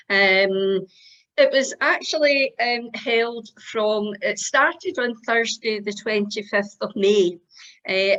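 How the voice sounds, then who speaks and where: A woman's voice: medium pitch, fairly bright tone. A woman chatting casually through a report on a video call, with frequent ums. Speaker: Rotary club member giving a convention report. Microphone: video call microphone. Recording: dull video call audio.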